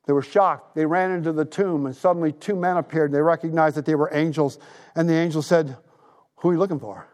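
A man's voice: on the high side, steady tone, fairly quick, darkish tone. A man in his sixties preaching a sermon, retelling a story with emphasis and making earnest appeals. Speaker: pastor.

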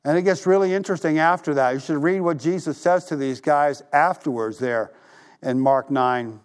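A male pastor preaching a sermon, telling stories animatedly, acting out the voices he quotes and dropping to a hush for emphasis. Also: fairly high pitch, normal speed, clean tone. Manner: drops to a hushed voice for emphasis.

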